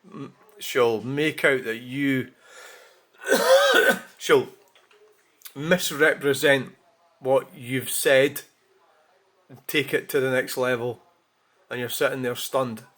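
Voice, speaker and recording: A vlogger's casual monologue, delivered by a man with a medium-pitched voice that swings widely. He speaks slowly with frequent pauses, his tone bright and forceful. He rambles frankly, swears freely, and keeps restarting his sentences.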